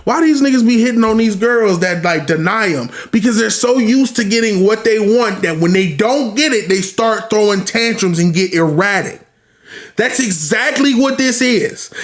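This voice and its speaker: Podcast host, male, very high voice, exasperated profane rant in an echoey room. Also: a bit bright. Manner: profane, exasperated, rhetorical questions. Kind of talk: casual ranting commentary.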